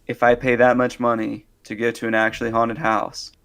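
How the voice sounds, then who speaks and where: Man, podcast co-host, casual banter, jokey, mid-pitched voice. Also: completely flat delivery, brisk, gravelly, a bit bright. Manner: jokey, laughs often, mimics people in quotes. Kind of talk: casual chat.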